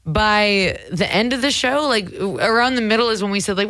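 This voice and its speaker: A woman's voice: medium pitch, normal speed, a bit bright, dry recording. A woman hosting a podcast in casual, profane, joking chat. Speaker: podcast host.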